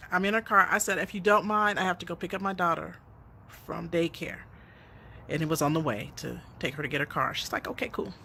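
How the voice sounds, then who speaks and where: A woman's voice: lowish voice, pushed and bright. A middle-aged woman telling a personal story in a reflective way, often laughing as she speaks.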